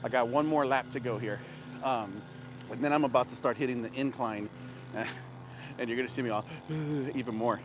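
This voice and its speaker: A man's voice: mid-range voice, normal speed, noisy background. A man chatting on a livestream while walking outdoors, out of breath and panting between sentences. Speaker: barbecue vendor livestreaming. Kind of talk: casual livestream chat. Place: outdoors on a walk.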